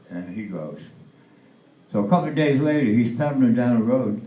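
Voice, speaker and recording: An 80s man tells stand-up jokes in a halting way, full of fillers and restarts. His pitch swings widely as he acts out the lines, and his mellow voice echoes in a roomy club. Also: expressive. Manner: acts out the punchlines in a raised voice. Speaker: stand-up comedian. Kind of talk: stand-up joke telling. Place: comedy club stage.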